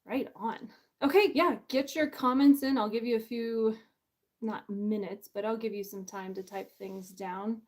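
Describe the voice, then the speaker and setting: A woman's voice: fairly high pitch, fairly even intonation, measured pace, a little mellow. A woman author hosting her book launch in a casual livestream chat. She is bubbly and self-deprecating, and she laughs often.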